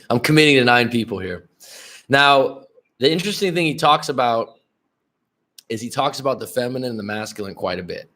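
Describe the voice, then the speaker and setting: A man's voice: mid-range voice, a bit bright. A middle-aged man talks through a casual dating-coaching livestream in a blunt, profane way. He rambles, restarts his sentences and calls out to viewers in the chat by name.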